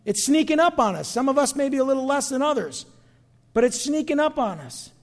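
A man's voice: very high voice, lively intonation, a little fast, big-room sound. A middle-aged male pastor preaching a sermon, emphatic, calling out to the congregation for responses. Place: church sanctuary.

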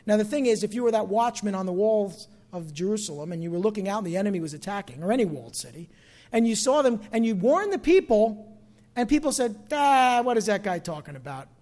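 High-voiced pastor from New Jersey. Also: male voice, animated, fast talker. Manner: conversational, shifts between soft asides and loud emphatic bursts. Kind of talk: sermon.

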